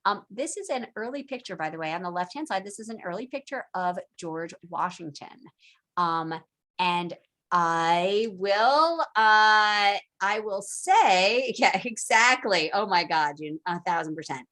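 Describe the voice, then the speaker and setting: A woman teacher gives a relaxed online lecture over a video call, talkative and lively, putting on jokey quoted voices for historical figures. Her voice sits in the mid range, and she speaks a little slowly.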